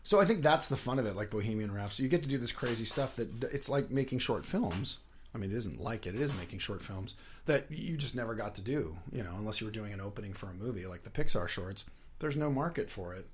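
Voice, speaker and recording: A middle-aged man with a fairly low voice talks as a guest in a casual interview. He rambles in a chatty way, breaking off and restarting his sentences as he thinks. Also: lively intonation, fast talker, a little hiss or hum. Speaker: guest, puppetry writer and director.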